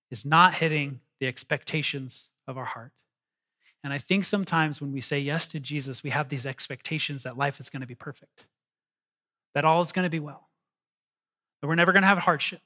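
A male pastor preaching a sermon with animated emphasis, reading scripture and calling on the congregation to answer back. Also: a little high, moderate pace, long pauses.

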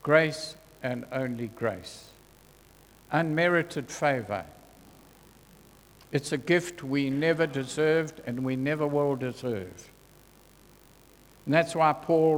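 Man, sermon, very slow, earnest, reverberant hall. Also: mid-range voice. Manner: earnest, slow and deliberate, dropping soft on scripture quotes. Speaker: preacher.

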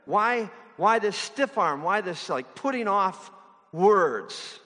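A man preaching a sermon in a fairly high voice. He talks in a conversational way and often asks rhetorical questions. His voice rings with the long reverb of a large hall. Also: animated, measured pace, bright, forceful tone.

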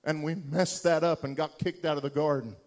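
A man preaching a sermon, telling a story and building to loud, impassioned peaks with repeated words for emphasis. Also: a little high, fairly even intonation, brisk.

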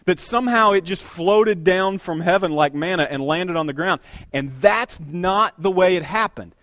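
A man in his thirties preaching a sermon as pastor, conversational and animated, with self-deprecating asides. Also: high-pitched, normal speed, dry recording. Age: 30s.

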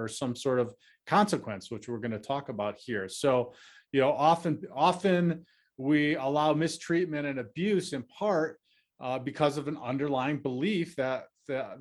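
A man hosting an advice podcast, speaking earnestly and reassuringly, with many fillers and restarts. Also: medium pitch. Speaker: podcast host.

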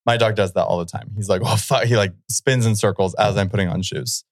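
A man's voice: lowish voice, fairly even intonation, fairly quick, no room sound. A man co-hosting a podcast, telling a rambling self-amused story in casual chat at a close studio mic. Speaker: podcast co-host.

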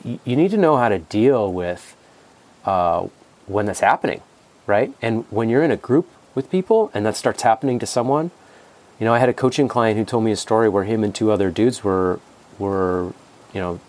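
Low-voiced rambling man. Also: a little mellow. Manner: rambling, repeats words, acts out quoted voices. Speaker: guest, psychedelics coach. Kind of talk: casual podcast conversation.

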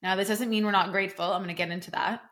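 A woman's voice: mid-range voice, steady tone, racing, fairly bright tone. A young adult woman hosting her own podcast as a coach, talking casually and emphatically with many "like" fillers. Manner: casual, emphatic, fillers like "like", acts out quoted reactions. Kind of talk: solo podcast talk.

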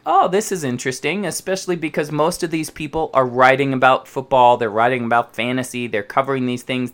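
A man ranting on his football podcast, swearing freely and mimicking the stiff voices he dislikes. His pitch climbs and falls in lively swings as he talks. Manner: profane, animated, mocks others' voices. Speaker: podcast host. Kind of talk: ranting casual talk.

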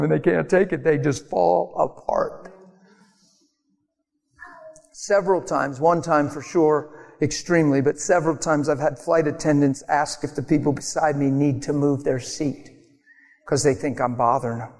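A man preaching a sermon in a storytelling way, animated, laughing often and acting out the voices of the people in his stories. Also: on the high side, normal speed, vocal fry, in a large hall.

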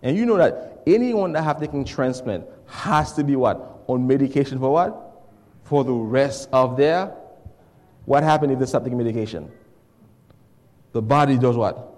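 A man preaching a call-and-response sermon, asking the congregation to finish his sentences and swinging between hushed lines and shouts. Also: medium pitch, normal speed, big-room sound. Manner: asks the congregation to fill in words, swings from soft to shouting.

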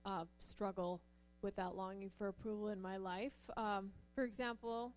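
A woman's voice: normal speed, a little hiss or hum. A middle-aged pastor's wife telling personal stories to a church audience, acting out the voices in her stories. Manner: animated, acts out quoted voices with rising pitch.

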